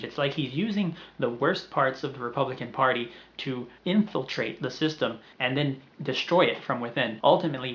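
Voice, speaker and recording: A man's voice: mid-range voice, fairly bright tone, muffled recording. A young man talking earnestly and reflectively in a personal video letter to a friend, sometimes restarting his phrases. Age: young adult.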